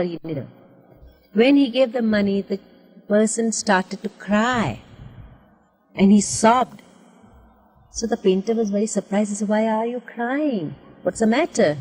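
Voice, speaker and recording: An older woman tells stories at an unhurried, deliberate pace, with a devout, reflective manner. Her voice carries a long reverb, as in an old 1970s filmed interview. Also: medium pitch, a little mellow. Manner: slow, storytelling, devout. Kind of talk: recollecting in an interview.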